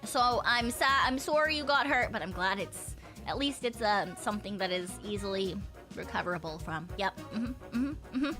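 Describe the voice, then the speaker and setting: A woman's voice: mid-range voice, lively intonation, moderate pace, bright, forceful tone. A young adult woman streamer chatting casually with viewers, rambling, swearing and laughing often. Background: faint music.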